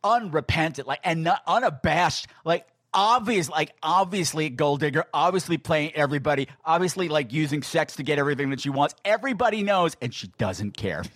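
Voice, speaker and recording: A man with a high, lively voice discusses a film with his co-host. He talks quickly and acts out lines as he goes, recorded dry and close with no room sound. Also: no echo. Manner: animated, quick, acts out quotes. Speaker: podcast co-host.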